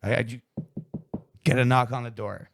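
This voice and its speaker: A man's voice: mid-range voice, moderate pace, gravelly, slight background noise. A young man hosting a podcast, telling a story in casual chat, swearing often and acting out what people said. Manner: animated storyteller, swears a lot, acts out quotes. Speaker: podcast host.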